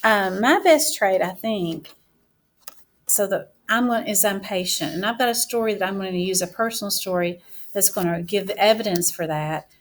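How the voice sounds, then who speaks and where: A woman's voice: medium pitch, slight background noise. Woman teacher modeling a writing lesson. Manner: slow and deliberate, speaking words aloud while writing. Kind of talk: classroom writing mini-lesson.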